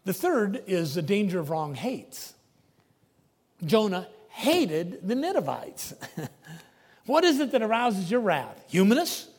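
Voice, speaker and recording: Male preacher, sermon, high husky voice, emphatic, long hall reverb. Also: very animated, slow pace. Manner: emphatic, dramatic swings between loud and hushed.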